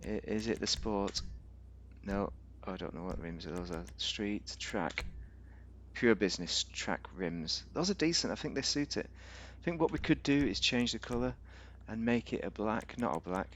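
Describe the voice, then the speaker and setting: A man's voice: on the low side, normal speed, fairly bright tone. A man giving rambling, casual commentary on a game, thinking aloud with fillers and restarts. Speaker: game reviewer.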